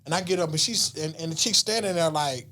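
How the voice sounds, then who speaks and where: A man's voice: fairly high pitch, fairly quick, gravelly, pushed and bright. A man, telling a story in casual, slangy talk and acting out voices and whispers. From Southern US. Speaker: podcast guest.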